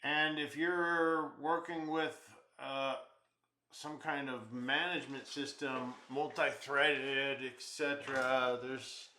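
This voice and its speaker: A man's voice: mid-range voice, level tone, slow pace, bright, forceful tone, roomy sound. A man teaching programming, thinking aloud and muttering as he works through errors in a live coding walkthrough. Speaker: programming instructor.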